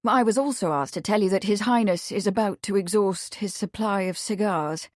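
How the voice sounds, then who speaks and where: A woman voicing a kindly gentleman investigator with a measured manner. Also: medium pitch, dry recording, clean studio sound, close to an everyday voice. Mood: businesslike.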